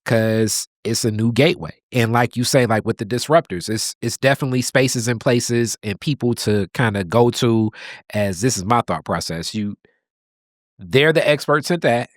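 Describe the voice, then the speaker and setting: Male host, easygoing chat, mid-pitched voice, dry close sound. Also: moderate pace, no echo. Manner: laid-back, conversational, with frequent asides. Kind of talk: casual conversation.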